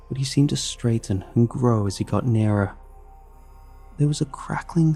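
A man narrates a horror story in a measured, grim way. His voice is low and dark-toned. Faint music runs beneath his words. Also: breathy edge.

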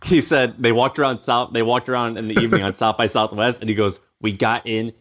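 A man's voice: medium pitch, fairly even intonation, fairly quick, fairly bright tone. A man co-hosting a podcast, talking casually with slang and jokes. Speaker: podcast co-host. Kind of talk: casual chat.

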